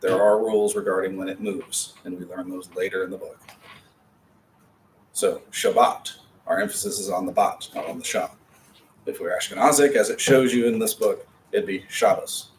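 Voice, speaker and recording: A man's voice: low voice, steady tone, fairly quick. A man teaching an adult Hebrew class, explaining patiently with chatty asides. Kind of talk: classroom lecture. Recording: distant mic with faint background noise.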